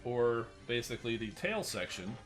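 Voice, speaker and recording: Guy rambling about his toy figures on a stream, lots of uh and um, soft music behind. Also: medium pitch, big pitch swings, normal speed. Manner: rambling, many fillers and restarts. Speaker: toy collector and channel host. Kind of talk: casual livestream show-and-tell.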